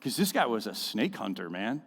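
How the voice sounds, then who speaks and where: A man preaching a sermon as a pastor, conversational and full of animated storytelling, in a church auditorium. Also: fairly low pitch, moderate pace. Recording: echoey church hall.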